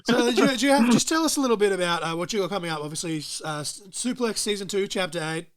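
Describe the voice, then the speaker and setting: A young man hosts a casual podcast interview. His voice sits a touch high, and he rambles, laughs a lot and swears freely. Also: animated, fast talker. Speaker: podcast host.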